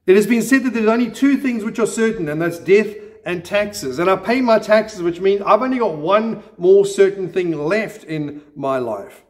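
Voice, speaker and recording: A man with a notably high speaking voice delivers a sermon in a church. He preaches earnestly but mixes in gentle self-deprecating humor. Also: expressive, moderate pace, few pauses. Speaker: pastor.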